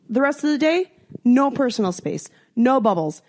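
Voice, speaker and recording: A woman's voice: high voice, normal speed. A young American woman co-hosting a podcast, telling a travel story with lots of swearing and acted-out quotes. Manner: animated storyteller, swears freely, acts out quotes. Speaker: podcast co-host. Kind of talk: casual chat.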